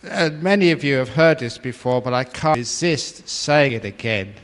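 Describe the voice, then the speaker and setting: A man's voice: medium pitch, normal speed. An older man from England giving a dharma talk, storytelling playfully and laughing often. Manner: playful, laughs often, acts out voices in stories. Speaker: meditation teacher. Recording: long reverb of a hall.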